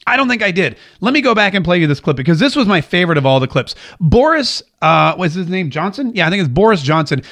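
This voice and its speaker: Chatty, high-voiced male commentary host. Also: very animated, fast, few pauses, fairly bright tone. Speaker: show host. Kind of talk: casual political commentary, reading viewer comments. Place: at home.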